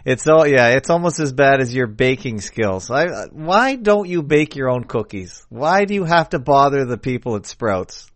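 A man co-hosting a podcast in casual chat, effusive and heaping praise with quick jokes. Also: medium pitch, very animated, dry recording. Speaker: podcast co-host.

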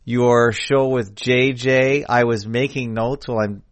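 A man co-hosting a podcast in casual chat, effusive and heaping praise with quick jokes. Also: medium pitch, steady tone, no room sound. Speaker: podcast co-host.

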